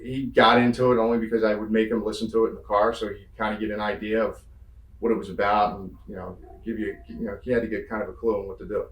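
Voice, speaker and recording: A man's voice: on the low side, fast, distant mic. A man from the Northeastern United States, a guest in an interview, telling road stories casually, acting out quotes and swearing freely. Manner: animated storyteller, acts out quotes, swears freely. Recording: roomy sound from off-mic.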